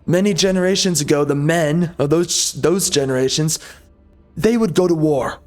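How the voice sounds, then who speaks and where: A man's voice: on the high side, moderate pace, a little mellow, soft background music. A man from the United States ranting angrily over gameplay, firing off rhetorical questions and minced swear words. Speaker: gameplay video host.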